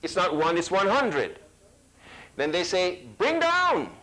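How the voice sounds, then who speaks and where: A man's voice: sits high, measured pace, a crowd in the background, low-quality recording. A man giving a math workshop to parents, emphatic and full of rhetorical questions, sometimes mimicking teachers and children.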